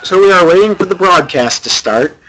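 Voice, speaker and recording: A man's voice: high voice, lively intonation, brisk, fairly bright tone. A young man co-commentating a video game match in a laid-back, joking way.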